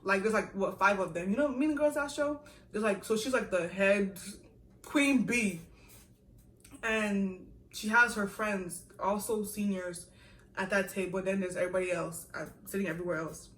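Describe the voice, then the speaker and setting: A young woman vlogger telling a story in a casual, animated way, with laughs and asides. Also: medium pitch, normal speed. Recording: echoey room, a little far from the mic.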